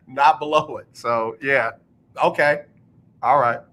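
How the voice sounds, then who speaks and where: A man's voice: medium pitch, slow, rough recording. A man hosting a sports talk radio show, joking and laughing as he reads listener texts. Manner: animated, laughs often.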